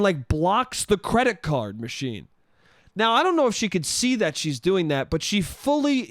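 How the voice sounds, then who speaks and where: A man's voice: high voice, no room sound, clean studio sound. A young man hosting a solo comedy podcast, telling a story in a profane, exasperated rant. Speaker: podcast host.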